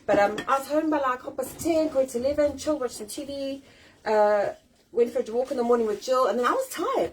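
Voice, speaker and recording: A South African woman in her forties hosting a casual live-stream chat from home, animated, self-deprecating and swearing freely. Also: high voice, a little fast, husky, rough recording. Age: 40s. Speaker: host. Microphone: phone or webcam on a live stream.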